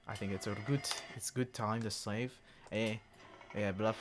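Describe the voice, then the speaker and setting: A man giving casual, profane gameplay commentary, swinging between low mumbling and excited yelps. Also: measured pace, music in the background. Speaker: game streamer.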